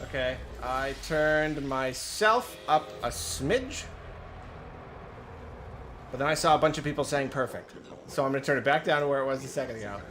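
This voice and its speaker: Chatting casually on his live stream, a man apologizes and laughs at himself, flustered as he repairs his desk-mic audio. His medium-pitched voice is expressive, a bit bright, at normal speed, with faint awards-show music from a TV behind him.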